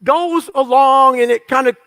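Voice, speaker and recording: A very high-pitched, slightly bright voice belongs to a man giving an unhurried motivational talk. He tells an audience stories from his own life without softening them, uses profanity, and acts out the voices of others in the stories.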